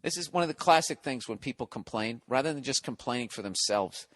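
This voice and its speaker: A man in his forties with a sore throat rants through a comedic podcast monologue, profane and sarcastic. His voice is mid-pitched and close to the mic in a dry, dead room. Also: animated, fairly quick, a bit bright, dry recording. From United States. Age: 40s. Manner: profane, ranting, sarcastic storytelling. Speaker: podcast host.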